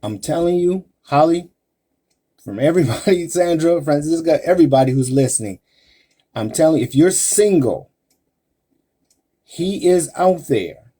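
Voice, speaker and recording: A man's voice: a little high, animated, moderate pace, long pauses, mellow, breathy edge. A man hosting a live-stream advice talk, speaking emphatically to women listeners and asking rhetorical questions. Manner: addresses women listeners directly. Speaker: relationship advice host.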